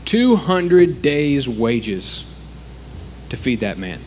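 A man's voice: mid-range voice, very animated, very slow, slight background noise. A man preaching a sermon in a conversational way, acting out the quoted speakers.

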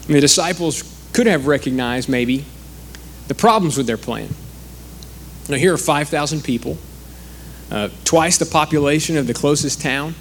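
A man's voice: a little high, slight background noise. A man preaching a sermon in a conversational way, acting out the quoted speakers.

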